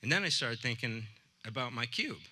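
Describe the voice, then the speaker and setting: Bright-voiced man telling a story. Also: mid-range voice, lively intonation, normal speed, a little hiss or hum. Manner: conversational, acts out dialogue with voices. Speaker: art teacher telling a personal story. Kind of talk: live storytelling talk.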